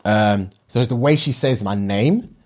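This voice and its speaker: A man's voice: fairly low pitch, measured pace, a little mellow. A young man co-hosting a podcast, chatting casually and earnestly, often repeating himself. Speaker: podcast co-host. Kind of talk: casual banter.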